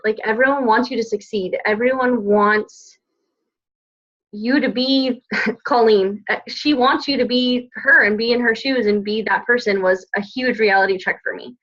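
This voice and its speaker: On a group call, a team coach gushes to her players about her weekend, sharing it emotionally and casually with lots of "like." Her voice sits on the high side and sounds a bit bright. The call audio is dull and lo-fi.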